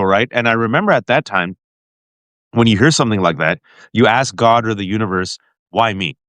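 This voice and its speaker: A man hosting a show and telling an emotional family story to his guest with animated energy, often restarting his sentences. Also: on the low side, fairly quick, no room sound. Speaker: podcast host. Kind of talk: heartfelt personal storytelling to a guest.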